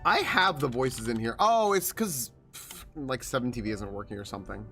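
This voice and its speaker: A man's voice: mid-range voice, lively intonation, moderate pace, sharp tone. A man streaming a video game, chatting casually, laughing often and reading the game's lines aloud. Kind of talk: casual gameplay commentary. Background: game music.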